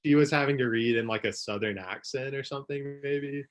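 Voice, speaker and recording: Brief: young male co-guest, average pitch, loose and laid-back, quick to laugh. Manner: relaxed, filler-heavy talk with easy laughs. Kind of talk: casual chat on a livestream.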